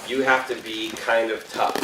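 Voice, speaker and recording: A man's voice: mid-range voice, flat delivery, normal speed, background noise. A middle-aged man giving a storytelling talk to a youth group, self-deprecating, chuckling often and asking the audience questions. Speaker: youth confirmation speaker. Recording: echoey room, voice from far off.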